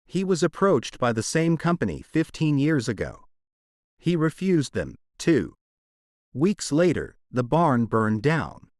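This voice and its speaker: Give me a man voicing a hard-edged, protective rancher in a romance audiobook, clipped and gruff, with a lively pitch. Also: unhurried, no echo, studio quality.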